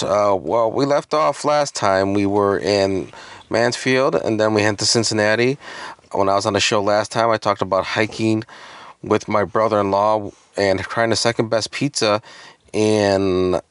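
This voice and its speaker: A man's voice: on the low side, steady tone, unhurried, clean tone, no echo. A man rambling through a casual podcast chat, joking and full of fillers. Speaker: podcast co-host.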